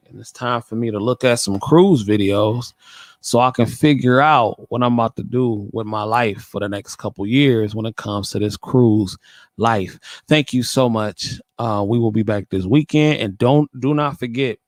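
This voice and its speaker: A man's voice: medium pitch, moderate pace, dry recording. A man hosting a casual talk show, laid-back and chatty, often repeating himself as he signs off. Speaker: podcast host.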